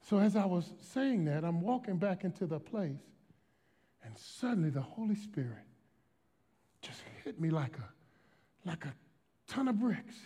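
High-voiced emphatic preacher man. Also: sing-song, a little slow, pauses often, breathy edge. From Washington, D.C. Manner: emphatic and dynamic, swinging from shouts to hushed storytelling. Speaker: pastor. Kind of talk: preaching a sermon.

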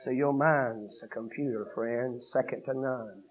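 A man preaching a revival sermon, swinging from hushed storytelling to shouted fervor. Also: mid-range voice, steady tone, a little slow, narrow, tinny audio.

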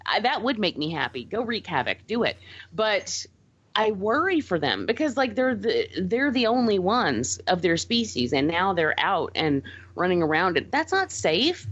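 A woman's voice: medium pitch, very animated, normal speed, fairly bright tone, husky, lo-fi sound. A woman co-hosting a casual podcast, gushing and emotional as she reviews a movie, laughing easily. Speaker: podcast co-host.

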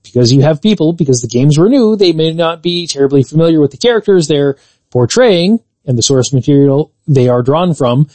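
A man co-hosting a podcast, chatting casually about games and movies in a measured, explanatory way. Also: fairly high pitch, lively intonation, warm tone, dry recording. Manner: measured, explanatory, fond of qualifiers. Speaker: podcast co-host.

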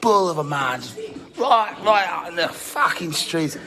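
A man's voice: fairly high pitch, very animated, a little slow, over music. A man putting on a rowdy, cursing Australian voice in a video clip.

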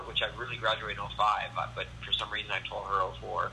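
A man with a very bright, sharp voice tells a story in a casual podcast chat. He is animated and acts out the voices, with a faint hum of noise behind him. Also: lowish voice, quick pace, few pauses, rough recording. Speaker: guest comedian.

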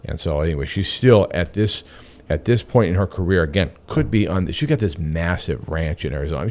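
A man's voice: low-pitched, expressive, a little fast, a little mellow. A man hosting a radio show, talking in a chatty, candid and enthusiastic way. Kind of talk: casual radio talk.

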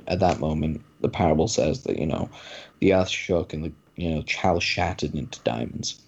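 A man's voice: a bass voice, moderate pace, creaky, a little mellow, slightly rough, muffled recording. A man in a casual podcast conversation, telling a parable loosely with many fillers.

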